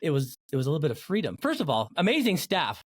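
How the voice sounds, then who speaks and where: A man hosting a podcast interview, an animated storyteller who acts out the people he quotes. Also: a little high, fast talker, husky, no echo, studio quality. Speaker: podcast host.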